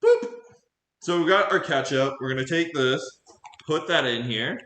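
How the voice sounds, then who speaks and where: A man's voice: fairly high pitch, animated, normal speed, a bit bright, reverberant. A man chatting casually with his live chat while cooking at home, goofy and laughing often. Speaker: cooking streamer. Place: home kitchen.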